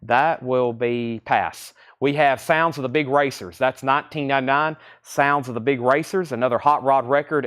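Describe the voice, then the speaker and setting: A man hosting a live online record sale. He briskly lists titles and prices and repeats them as he goes. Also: mid-range voice, a bit bright, clean tone. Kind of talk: live online sales stream.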